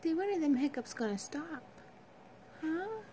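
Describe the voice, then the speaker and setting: A mother cooing soft, tender baby talk to her infant, often half-whispered, at home. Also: sits high, lively intonation, unhurried, slight background noise.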